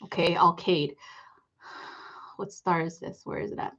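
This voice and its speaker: A woman's voice: on the low side, steady tone, unhurried, a bit bright, dull audio. A woman hosting a live psychic reading stream, telling rambling stories in casual chat, laughing often and swearing freely.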